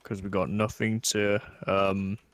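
A man's voice: on the low side, level tone, slow, no echo. A man playing a factory game with a friend, easygoing and a bit hesitant, also wrapping up the episode. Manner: easygoing, mildly hesitant with fillers. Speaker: co-host gamer. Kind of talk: casual multiplayer game chat and outro.

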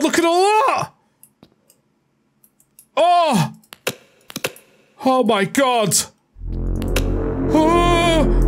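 A woman giving let's play commentary on a horror game, jumpy and swearing, with frightened yelps and shouts. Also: on the high side. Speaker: gaming video creator.

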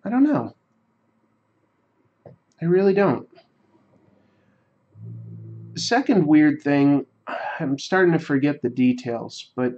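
A man's voice: medium pitch, darkish tone, highs cut off. Rambling man telling a story on a livestream. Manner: rambling, reflective, halting. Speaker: livestream host. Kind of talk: casual storytelling while drawing on a livestream.

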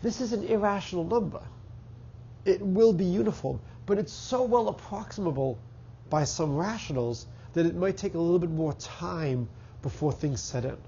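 A man's voice: sits high, normal speed, dark tone, dull audio, slight background noise. A middle-aged man with a Boston accent and a stuffy, congested voice, giving a university math lecture and thinking aloud with fillers and restarts. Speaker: math professor. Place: lecture hall.

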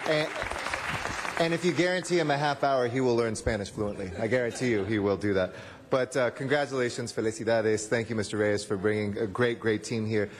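Fast-talking upbeat man at a podium. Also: medium pitch, long reverb tail, a faint crowd, a little hiss or hum. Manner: upbeat, joking, mixes in Spanish phrases. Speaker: city official giving congratulatory remarks. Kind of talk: public speech at a council meeting. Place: city council chamber.

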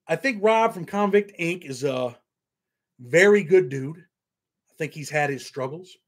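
A man's voice: fairly high pitch, expressive, a little slow. A man hosting a casual livestream, rambling and swearing while reading viewer comments aloud. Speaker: show host.

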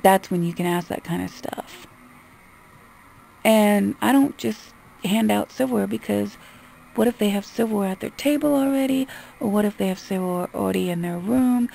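A woman's voice: medium pitch, normal speed, vocal fry, dark tone, slight background noise. A woman vlogger in a casual, exasperated rant, talking bluntly and swearing freely. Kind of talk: casual ranting monologue.

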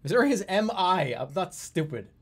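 A man streaming a geography guessing game, talking to his chat in a jokey, animated way. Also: high-pitched, moderate pace, breathy edge. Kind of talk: casual live-stream commentary.

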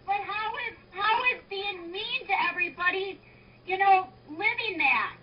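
A woman's voice: very high-pitched, a little slow. A woman pushing back defensively in a heated argument. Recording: muffled lo-fi with faint noise.

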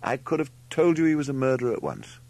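Guy doing a smug know-it-all older brother, a bit higher and louder, lecturing, gravelly. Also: very animated, quick pace. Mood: lofty. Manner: superior, lecturing, with a deprecating air. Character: lofty, know-it-all young man, elder brother.

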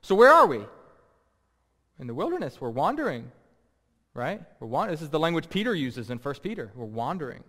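A man's voice: a little high, sing-song, a little fast, long pauses, a bit bright. A man preaching a sermon as pastor, emphatic and repeating key words for stress. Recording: long reverb.

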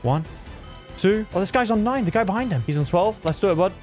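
A young man giving excited live commentary while he plays a video game. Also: fast, over music. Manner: excitable, pitch jumps sharply in tense fights. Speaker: gaming streamer.

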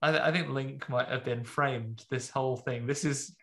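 A man's voice: mid-range voice, fairly even intonation, normal speed, creaky, a bit bright. A man hosting a podcast, rambling through a film recap in jokey, casual chat full of fillers. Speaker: podcast host.

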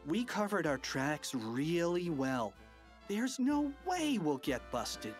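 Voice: mid-range voice, very animated, takes it slowly, soft background music, voice pushed up. A narrator voicing a mischievous, confident schoolboy who reassures his friend. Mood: cocky.

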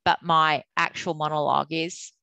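A middle-aged woman, an umpires manager giving a candid, animated webinar talk. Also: deep voice, normal speed, creaky, clear, resonant tone, dry recording, low-quality recording. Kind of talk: webinar presentation.

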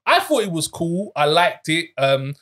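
A man's voice: fairly high pitch, sing-song, normal speed, a bit bright. A man hosting a casual film review chat, playful and teasing, often repeating himself. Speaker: podcast host.

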